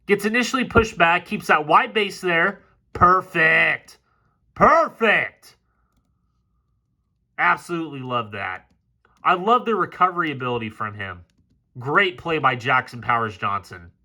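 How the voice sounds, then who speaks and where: A man doing a football film breakdown, talking excitably and swearing freely as he gets fired up over the plays. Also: high-pitched.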